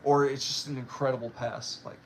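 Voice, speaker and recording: A man's voice: mid-range voice, level tone, a little fast, slight background noise, low-quality recording. A young man in casual chat, rambling with many fillers while he opens trading cards. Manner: rambling, filler-heavy, with restarts. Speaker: card-opening vlogger.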